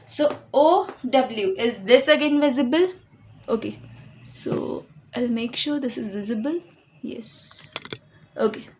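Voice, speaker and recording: A young woman teaching a whiteboard phonics lesson. She repeats each sound slowly for learners and mixes in some Hindi. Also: high voice, fairly bright tone. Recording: echoey room.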